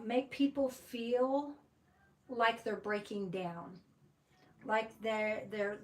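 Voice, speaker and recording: A woman's voice: on the high side, recorded from a distance, low-quality recording. A woman giving a tarot reading, rambling with many fillers and restarts. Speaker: tarot reader.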